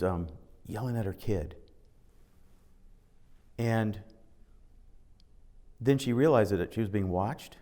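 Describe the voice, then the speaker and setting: A man's voice: fairly low pitch, dark tone. A man giving an informal spiritual talk, telling stories and acting out the dialogue, sometimes reading scripture aloud. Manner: conversational storytelling, acting out dialogue. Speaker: spiritual teacher.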